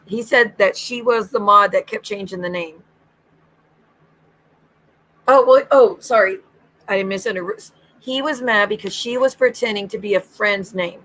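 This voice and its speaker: A woman's voice: medium pitch, a little slow, long pauses, fairly bright tone, rough recording. Woman hosting a livestream, chatty storyteller who mimics others and laughs a lot. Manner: gossipy storytelling, acts out quoted lines, swears freely; giggly, breaks into laughter. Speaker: livestream host. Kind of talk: casual chat.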